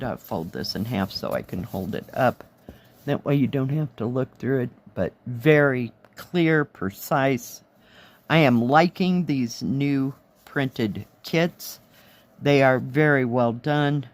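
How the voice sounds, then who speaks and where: Hoarse, slow-talking woman reviewing craft kits. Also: low-pitched, darkish tone. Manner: chatty, admiring, thinks aloud while counting. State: hoarse, losing her voice. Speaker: cross-stitch vlogger. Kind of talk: casual product review.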